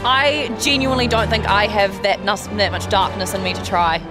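A woman's voice: medium pitch, fairly even intonation. Teasing woman co-host, music behind. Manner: teasing, quick quips. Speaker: podcast co-host. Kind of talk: casual chat.

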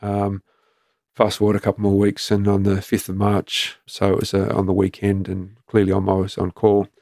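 A middle-aged Australian man speaks in a low, flat voice with a rough, gravelly edge. He tells his story as an interview guest, matter-of-fact and halting. The sound is close and dry. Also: dry recording. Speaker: former police commander, guest.

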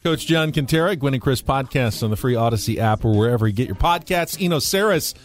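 A man's voice: medium pitch, animated, quick pace, faint music behind. A man hosting a sports talk radio show, who reads station promos and call-in numbers and then chats freely with his co-hosts into a studio microphone.

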